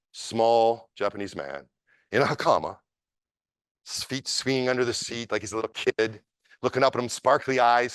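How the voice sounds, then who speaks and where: A man's voice: medium pitch, no room sound, studio quality. Man telling a story at a seminar. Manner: animated, emphatic storyteller. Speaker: martial arts instructor.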